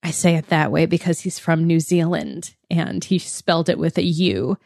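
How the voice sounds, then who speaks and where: A woman's voice: low-pitched, little pitch movement, normal speed, gravelly, darkish tone, no room sound, studio quality. A woman co-hosting a podcast, chatting casually and laughing often as she reads out listener comments. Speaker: podcast co-host. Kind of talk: casual chat.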